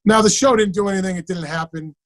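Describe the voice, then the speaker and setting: A man, an actor guest on an interview, telling stories in an animated, casual way and acting out the dialogue. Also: high-pitched, quick pace. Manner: animated, acts out quoted dialogue.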